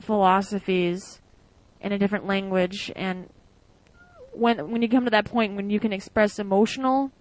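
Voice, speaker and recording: A woman's voice: medium pitch, fairly even intonation, moderate pace, darkish tone, low-quality recording. A young woman from the United States tells stories casually in an interview, chatty with many fillers and with quoted voices acted out. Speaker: former exchange student.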